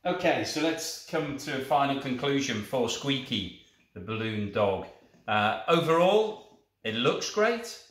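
A man's voice: mid-range voice, expressive, a little slow, a bit bright. A man reviewing a toy, talking it through in a coaxing sing-song and praising it as he shows each feature. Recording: echoey room with clear background noise.

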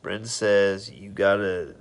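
A man's voice: low-pitched, slow pace. A man hosting a casual live stream, rambling in a friendly, tipsy way as he tells stories and greets viewers.

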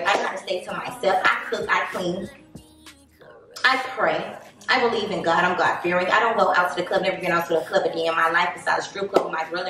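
A woman's voice: fairly low pitch, sharp tone. Blunt Southern woman in an echoey room. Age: 20s. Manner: blunt, preachy, talks straight to viewers. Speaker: vlogger. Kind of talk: casual monologue to camera. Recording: very echoey room, distant mic, faint noise.

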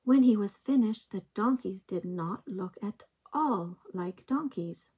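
A woman reading picture books aloud to young children in a slow, gentle, expressive way. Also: medium pitch, husky, lo-fi sound. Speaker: early-years storytime reader.

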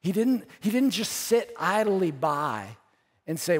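A man preaching a sermon as pastor, earnest, repeating phrases, rising to emphatic peaks and dropping to soft, quiet lines. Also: high-pitched, very animated, slow. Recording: church hall with long reverb.

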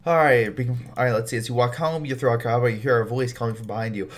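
A man's voice: mid-range voice, steady tone, fast talker, hardly any pauses. A man giving let's-play commentary, reading game text aloud and blurting out exasperated reactions. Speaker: gaming YouTuber.

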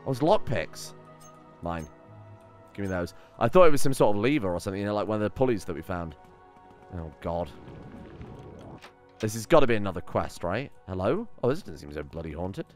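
A man's voice: lowish voice, sing-song, a little fast, long pauses, faint music behind. Chatty man commenting on gameplay. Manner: chatty, swearing, thinking aloud. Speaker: let's play host.

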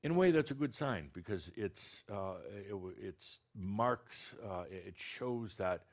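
Blunt, teasing man with a low voice. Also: lively intonation, a little slow. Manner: blunt, direct and teasing, with many restarts. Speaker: channeler speaking as a spiritual teacher. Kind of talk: channeled spiritual talk to an audience.

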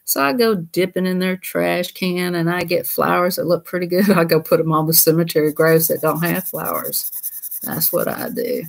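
A woman chats casually with her livestream viewers in a folksy, rambling way. Her voice sits slightly low, and she laughs easily. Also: fairly even intonation, normal speed, vocal fry. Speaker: livestream host.

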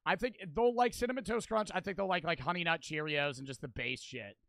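A man's voice: on the high side, fairly quick, vocal fry, bright, forceful tone, no room sound. A young man streaming, reacting in loose, profane, rambling casual commentary.

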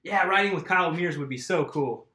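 A man's voice: fairly high pitch, fairly quick, pushed and bright. A man casually chatting on a live stream while working on his bike, rambling and answering viewers' comments. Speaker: mountain bike vlogger. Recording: roomy echo.

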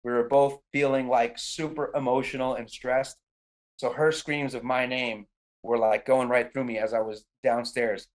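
His mid-range voice moves at a moderate pace as this middle-aged man recalls a film shoot in a casual podcast interview. Animated, he performs his own quotes and leans heavily on "like."

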